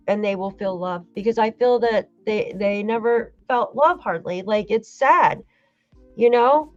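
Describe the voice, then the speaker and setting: A woman's voice: fairly high pitch, no echo, dull audio. A woman hosting a true crime livestream, talking emotionally and thanking viewers as she rambles. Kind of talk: casual livestream commentary.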